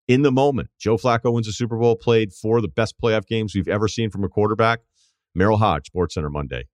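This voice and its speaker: A man's voice: lowish voice, no echo, clean studio sound. A middle-aged man hosting a sports show, talking through a casual, reflective monologue and acting out quoted people along the way. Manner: reflective, conversational, acts out quotes. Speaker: sports radio and podcast host.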